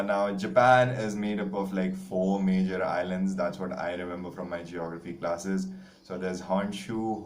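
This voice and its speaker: A man's voice: sits low, a little hiss or hum. A young man, teaching a literature lesson in a rambling, casual way full of "like" and "uh". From India. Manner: chatty, rambling, frequent "like" and "uh" fillers. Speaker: English teacher.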